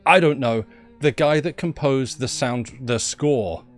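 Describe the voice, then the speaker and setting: A man's voice: medium pitch, unhurried, soft background music. A British man chatting casually on a game stream, rambling and wry about himself. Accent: British English. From Britain. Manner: rambling, self-deprecating, wry. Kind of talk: casual live-stream chat.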